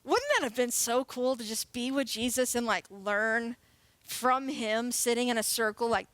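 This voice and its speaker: A youth pastor in her late twenties delivers a casual, playful sermon, chatting away and laughing often. Her voice is a little high and a bit bright, her pace moderate, with no echo.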